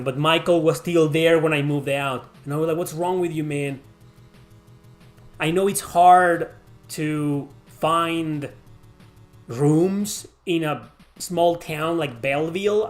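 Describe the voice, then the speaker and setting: A man's voice: a little high, fairly even intonation, a little slow, soft background music. A man casually answering chat questions on a livestream, rambling and swearing freely.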